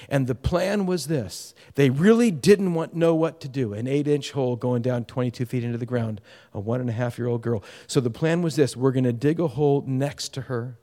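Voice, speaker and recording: A middle-aged male pastor preaching a sermon, telling a story that swings between loud urgency and hushed tenderness. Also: mid-range voice. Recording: long hall reverb.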